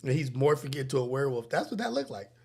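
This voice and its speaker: Fast and slightly rough in a mid-range voice, a man in his forties with an LA accent runs a casual livestream. He tells animated stories and laughs often.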